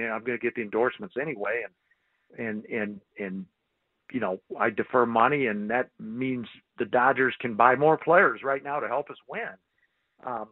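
A man's voice: medium pitch, dry recording. A male sportswriter, a guest on a phone call, talking casually and rambling with lots of fillers and restarts. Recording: tinny phone line.

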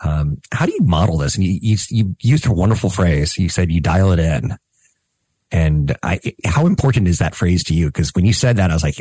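Middle-aged guy cohosting a money talk show, low husky voice, chatty, dry close sound. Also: big pitch swings, fairly quick, dark tone, dry recording. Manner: chatty, amused, asks follow-up questions. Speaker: co-host of a finance radio show. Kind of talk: casual radio chat.

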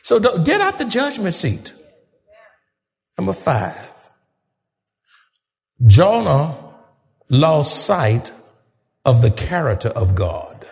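A man preaching a fervent sermon, rising to shouts and calling on the congregation to answer back. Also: on the high side, wildly swooping pitch, slow pace, gravelly, pauses often, big-room sound. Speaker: pastor.

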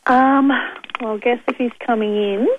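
A woman's voice: a little high, fairly even intonation, normal speed. Woman on the phone, hesitant and amused, dull muffled line with hiss. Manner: hesitant, amused, going along with it. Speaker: shop staff on the phone.

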